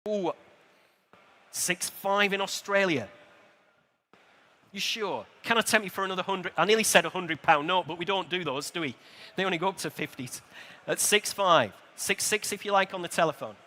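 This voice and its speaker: A man working as an auctioneer, briskly calling bids at a live sale in a large exhibition hall, with dry asides to the room. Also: high-pitched, bright, forceful tone.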